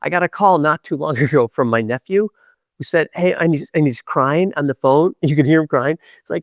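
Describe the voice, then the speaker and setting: A man hosting a podcast, telling reflective spiritual stories in an animated, playful way with many hesitations. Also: on the high side, fairly quick, dry recording, studio quality. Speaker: podcast host.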